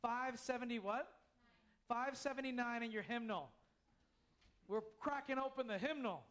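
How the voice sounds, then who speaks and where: A man's voice: extremely high pitch, moderate pace, a bit bright. A man preaching a sermon in church, earnest and full of repetition. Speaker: pastor.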